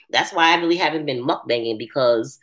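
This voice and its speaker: A woman hosting a casual live chat, answering viewers' comments in an animated way and laughing often. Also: very deep voice, normal speed. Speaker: live stream host.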